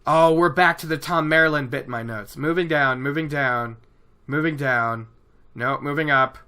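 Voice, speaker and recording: Podcast host, casual book recap, chatty, bright tone. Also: mid-range voice, moderate pace, clear, resonant tone. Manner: chatty, with many "you know"s.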